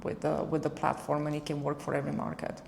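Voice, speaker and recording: Gravelly woman founder talking business. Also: deep voice, completely flat delivery, a little mellow. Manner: brisk, confident, peppered with "you know". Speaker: company founder and CEO, guest. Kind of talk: conversational interview.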